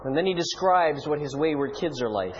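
High-ish guy giving a lively sermon, faint hiss behind him. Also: fairly quick, lo-fi sound. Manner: animated, rhetorical, playful asides. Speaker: preacher.

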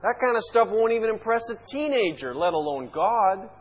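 A man's voice: high-pitched, very animated, moderate pace, breathy edge, muffled recording, faint music behind. A male pastor preaching an impassioned sermon, full of rhetorical questions.

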